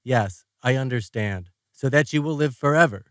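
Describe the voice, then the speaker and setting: A man's voice: mid-range voice, normal speed, fairly bright tone, no room sound, studio quality, natural voice. A man voicing a polite, literal-minded male artificial intelligence, speaking formally and without contractions in an audiobook. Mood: calm questioning.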